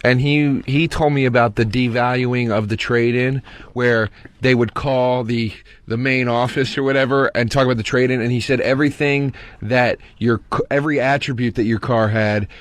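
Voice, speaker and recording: A man's voice: medium pitch, fairly even intonation, normal speed. A man in a casual podcast chat, asking questions and passing on a friend's story. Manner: asks questions, relays a buddy's story.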